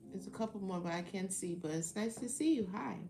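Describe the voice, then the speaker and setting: A woman's voice: mid-range voice, a little fast, mellow. A woman hosting a live tarot stream, chatting playfully with viewers and reading their comments aloud. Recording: echoey room with faint music behind. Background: faint background music.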